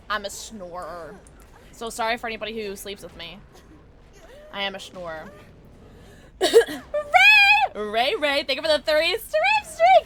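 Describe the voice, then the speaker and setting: Heavy background noise surrounds this high-pitched woman as she streams from home. Bubbly and full of playful slang, she talks to her chat while reacting to the game she's playing live.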